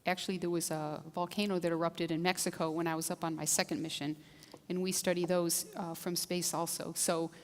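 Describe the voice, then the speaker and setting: A woman giving a keynote talk at a conference, walking the audience through slides in a relaxed, conversational way and pointing out places as she goes. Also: fairly low pitch. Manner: conversational, explaining and pointing at pictures. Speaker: keynote speaker. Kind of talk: conference presentation narrating slides. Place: large conference hall. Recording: long reverb of a large hall.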